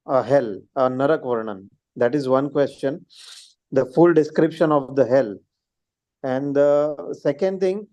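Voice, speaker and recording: A man's voice: on the high side, warm tone, highs cut off. A man asks a hesitant question in an online class, full of fillers. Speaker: student.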